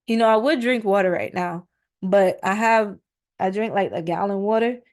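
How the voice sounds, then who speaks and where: A woman's voice: mid-range voice, a little mellow. Female podcast host, conversational commentary with scripture readings, mic on a stand. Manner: chatty, frequent fillers, reads verses aloud. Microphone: microphone on a stand.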